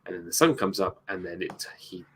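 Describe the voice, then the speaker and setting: A man co-hosting a movie review show, chatting casually about a film with hesitant pauses and dry asides. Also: sits low, expressive, a little hiss or hum. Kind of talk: casual chat, movie commentary.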